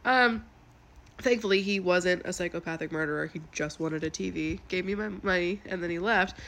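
Chatty woman with a gravelly, bright voice. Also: on the low side. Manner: chatty and profane, quick to laugh. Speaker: storyteller. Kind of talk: casual storytime.

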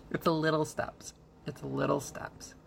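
Low gravelly-voiced woman voice coach. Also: flat delivery, a little slow, a little hiss or hum. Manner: encouraging, conversational, poses questions to the listener. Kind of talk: instructional talk to camera.

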